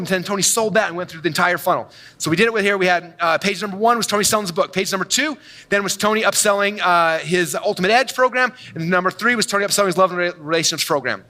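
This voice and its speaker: A man giving an energetic, boastful keynote talk on stage to a large audience, telling stories with quick asides. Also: high voice. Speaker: conference speaker. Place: large event hall on stage.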